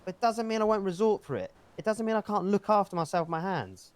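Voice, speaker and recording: A heated man arguing his side with constant swearing. His voice is slightly high and swings widely in pitch, rising sharply when he is riled and sinking low when he mutters. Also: expressive, fast talker. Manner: angry, swearing, defensive. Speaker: roleplay character in a street dispute. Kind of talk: heated in-character roleplay argument.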